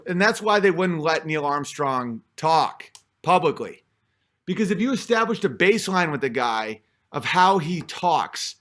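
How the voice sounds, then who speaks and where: Guy with a pretty high voice just riffing, lots of um and like, restarts his sentences. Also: a bit bright. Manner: rambling, many fillers and restarts. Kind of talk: casual spoken monologue.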